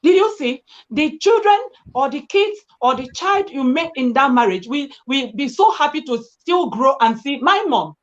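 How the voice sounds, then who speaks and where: A woman's voice: sits high, animated, normal speed, few pauses, lo-fi sound. A woman, reflecting on her views on a live-stream panel. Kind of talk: casual live-stream discussion.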